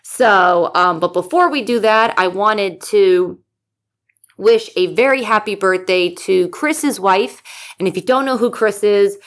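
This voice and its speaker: Chatty, excitable woman in her thirties. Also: mid-range voice. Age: 30s. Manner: excitable, chatty, swears freely, many fillers. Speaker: podcast host. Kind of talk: casual solo podcast chat.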